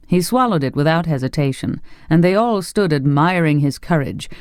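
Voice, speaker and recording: Expressive audiobook narrator, dry close sound. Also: medium pitch, clear, resonant tone, dry recording. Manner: expressive storytelling. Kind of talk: scripted narration.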